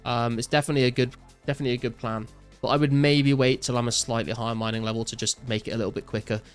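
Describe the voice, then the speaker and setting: A young man streaming a game, reading chat aloud and answering viewers in a relaxed way, full of "like" and "um". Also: mid-range voice, very fast, smooth, soft background music. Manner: relaxed, reads out chat messages and answers viewers with many fillers. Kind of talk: casual live-stream chat while gaming.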